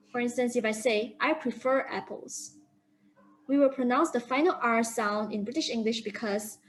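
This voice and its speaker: A young woman student giving a careful classroom presentation, slowly sounding out example words. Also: a little high, a little hiss or hum, low-quality recording. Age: young adult. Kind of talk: classroom presentation on English vowels.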